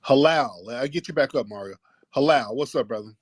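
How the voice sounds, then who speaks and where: A husky male host runs a call-in livestream in a combative, profane and emphatic way. His voice has a middle pitch, and the sound is dry and close. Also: expressive, fairly quick, no echo. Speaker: talk show host.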